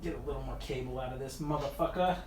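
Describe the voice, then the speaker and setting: Speaking at a quick pace with a steady, mid-range voice, a man who makes mountain bike videos works on a bike during a casual livestream. He's tired after hours on the job, chatting to viewers and muttering under his breath. Faint noise and echo fill the room.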